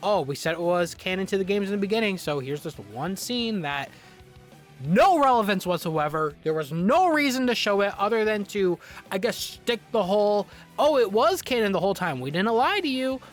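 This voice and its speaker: A man's voice: sits high, moderate pace, faint music behind. Exasperated man ranting in a review. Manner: exasperated, ranting, swears freely; animated, frequent restarts and repetitions. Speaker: video reviewer. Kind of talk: casual review commentary.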